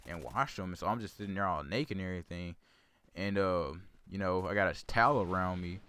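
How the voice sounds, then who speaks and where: A man's voice: sits low, a little fast, a bit bright, clear, resonant tone. A man telling a childhood story in casual gameplay commentary, rambling and repeating himself. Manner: rambling, repeats words, self-corrects. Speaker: gaming channel host.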